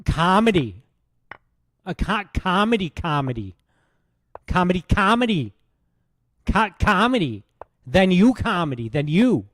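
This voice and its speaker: A man doing a loud, repetitive parody impression of a male comedian. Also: sits high, big pitch swings, a little slow, pauses often, no echo, voice pushed up, exaggerated voice. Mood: mocking. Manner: shouty, repetitive, strained.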